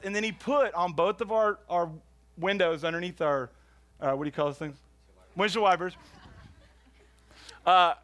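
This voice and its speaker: A man's voice: sits high, bright, forceful tone. A man from Houston, doing rambling, self-mocking stand-up storytelling. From Houston, Texas. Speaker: stand-up comedian.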